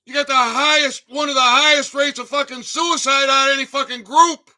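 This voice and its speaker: A man hosting a livestream, delivering an angry, swearing rant that breaks into shouting. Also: extremely high pitch, fairly even intonation, brisk. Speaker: livestream host. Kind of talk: profane ranting livestream. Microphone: desk mic, sometimes too close.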